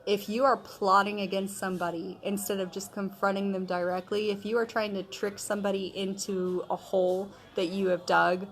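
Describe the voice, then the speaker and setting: A woman's voice: mid-range voice, little pitch movement, normal speed, hardly any pauses. Casual female Bible study teacher, conversational storyteller, slangy, filler-heavy. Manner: conversational storytelling, retelling scripture in modern slang; chatty, with frequent fillers like okay and um.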